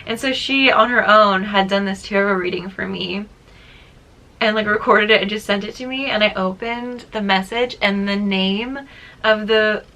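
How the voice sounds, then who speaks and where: A woman's voice: mid-range voice, fairly even intonation, moderate pace, sharp tone. A young woman talking casually in a vlog, chatty and filling her sentences with "like," sometimes laughing as she talks. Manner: chatty, many "like" fillers, laughs while talking. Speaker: vlogger.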